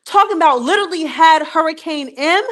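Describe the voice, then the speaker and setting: A woman's voice: very high-pitched, lively intonation, brisk. A young woman hosting a live-stream recap, talking in a casual, slangy way and teasing with repeated rhetorical questions.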